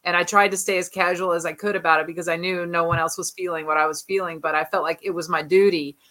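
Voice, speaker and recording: A woman co-hosting a podcast, telling stories in an animated way. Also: fairly low pitch, quick pace. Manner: animated storyteller. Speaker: podcast co-host. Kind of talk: casual chat.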